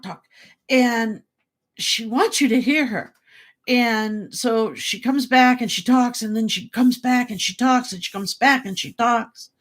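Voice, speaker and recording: A woman psychic giving live readings in a halting, casual way, with many fillers and repeated words. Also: on the high side. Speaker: psychic medium. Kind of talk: livestream reading, casual chat.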